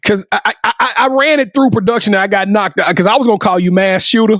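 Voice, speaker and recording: A male podcast co-host, exuberant and out of breath, shouting and sing-song as he closes the show. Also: high voice, fast talker, dry recording, studio quality. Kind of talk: hype show sign-off, energetic chat.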